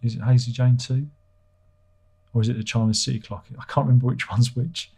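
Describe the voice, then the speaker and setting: A man's voice: mid-range voice, fairly even intonation, a little fast, a little mellow, breathy edge. A man hosting a livestream, reading out viewer comments in a rambling, self-deprecating way and swearing casually. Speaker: livestream host.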